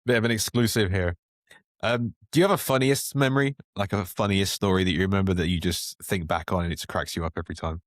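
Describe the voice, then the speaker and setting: A man's voice: low-pitched, fairly even intonation, quick pace, no echo, studio quality. A man hosting an interview, asking rambling, friendly questions in a casual way. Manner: asks rambling friendly questions full of fillers. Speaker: interview host.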